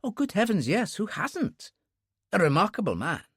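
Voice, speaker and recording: A man's voice: sits high, huge pitch swings, normal speed, a bit bright, husky, dry recording, clean studio sound, pitched above the performer's own voice, exaggerated voice. A man voicing an eager, studious young male bookshop assistant who speaks in an earnest, gushing way.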